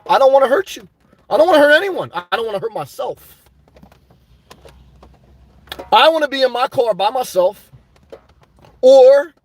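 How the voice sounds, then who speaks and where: A man hosting a live stream, ranting emphatically about his life and shouting out his supporters, worked up and sweating. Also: extremely high pitch, dry recording. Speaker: livestream host.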